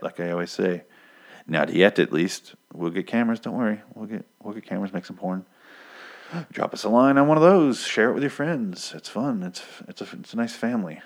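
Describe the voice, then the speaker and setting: Young male podcast host, very low voice, loose and profane, filler-heavy casual recap. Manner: rambling, profane, full of fillers. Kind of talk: casual comic-book recap.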